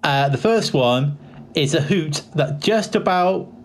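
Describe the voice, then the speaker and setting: Animated, joking man co-hosting a podcast. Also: a little high, slow pace, a little hiss or hum. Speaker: podcast co-host. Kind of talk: casual chat.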